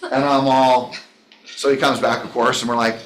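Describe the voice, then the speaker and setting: A man's voice: mid-range voice, moderate pace, crowd noise, background noise. Enthusiastic man giving motivational training. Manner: enthusiastic, rambling storyteller who addresses listeners by name. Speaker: trainer leading a business training session. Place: training room. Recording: echoey room.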